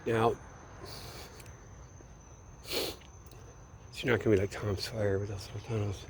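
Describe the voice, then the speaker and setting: A man's voice: lowish voice, level tone, slow, a little hiss or hum. A man from Minneapolis in a meandering, late-night solo monologue, swearing freely and often trailing off mid-thought. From Minneapolis, USA. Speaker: vlogger.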